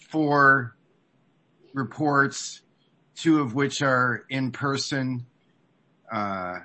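A man on a team reciting a sales pitch from memory in a measured way. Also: sharp tone. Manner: slow, measured delivery. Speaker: team member.

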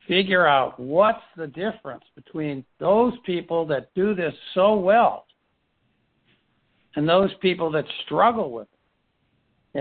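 Man coaching a team over a phone line. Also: on the high side. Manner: repetitive restarts, rhetorical questions. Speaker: firm leader running a team meeting. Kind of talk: coaching talk in a business meeting. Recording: tinny phone-line sound.

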